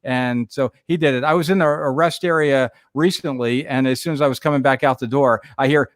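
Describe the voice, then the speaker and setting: A middle-aged man, a radio host, chatting casually on a livestream and telling stories with lively acted-out quotes. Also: medium pitch, a little fast, hardly any pauses, no room sound, clean studio sound. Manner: animated storyteller, acts out quotes.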